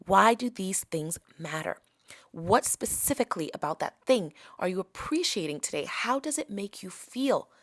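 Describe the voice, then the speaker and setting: This is a woman with an African accent coaching her podcast listeners through a practice. Her voice sits at a middle pitch and sounds dry and close, with no room around it. She coaxes and keeps checking in that her listeners are following. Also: animated, moderate pace, dry recording. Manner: coaxing, keeps checking in with "okay?" and "right?". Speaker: podcast host. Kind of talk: motivational teaching talk.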